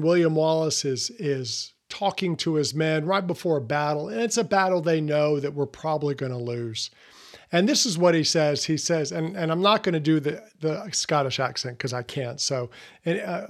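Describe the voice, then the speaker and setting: A man hosting a motivational podcast, talking earnestly in a conversational way. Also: fairly high pitch. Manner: earnest, conversational, with fillers and restarts. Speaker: podcast host.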